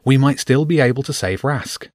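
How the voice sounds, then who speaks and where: A man's voice: mid-range voice, lively intonation, moderate pace, a little mellow, no echo, voice pushed up, close to an everyday voice. A brave young girl from a storybook speaks up eagerly and urgently, her voice lifted well above a plain telling, as a man puts her on. The sound is close and dry.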